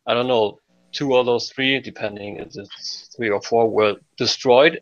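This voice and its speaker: Male podcast panelist, mid-pitched, hesitant casual delivery, dull dry recording. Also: dry recording. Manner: thoughtful, hesitant with many fillers. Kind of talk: casual chat.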